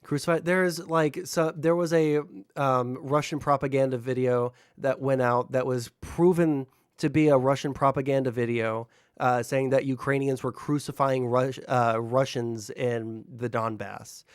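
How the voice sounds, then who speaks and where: A man's voice: mid-range voice, steady tone, measured pace, hardly any pauses, smooth, no room sound, studio quality. A man livestreaming and chatting casually with his viewers, rambling with lots of fillers and swearing freely. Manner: talks to chat, unfiltered.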